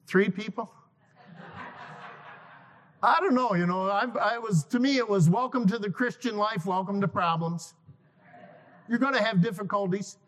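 Man preaching a sermon, high voice, slow deliberate delivery, long church-hall reverb. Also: fairly bright tone. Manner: emphatic, repeats key lines slowly. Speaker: guest preacher. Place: church sanctuary.

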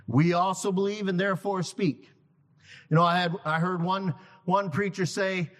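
A man preaching a sermon to a congregation, emphatic, repeating key lines slowly for effect. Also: high-pitched, steady tone, a bit bright. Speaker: guest preacher. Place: church sanctuary. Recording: long reverb of a large hall.

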